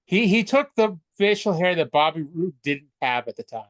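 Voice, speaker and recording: A man co-hosting a casual wrestling podcast, chatty and loose, with frequent stammered restarts and offhand swearing. His voice sits a bit high for a man. It is recorded close and dry on a podcast mic. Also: sing-song, moderate pace, no room sound. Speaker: podcast co-host. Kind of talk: casual wrestling recap chat.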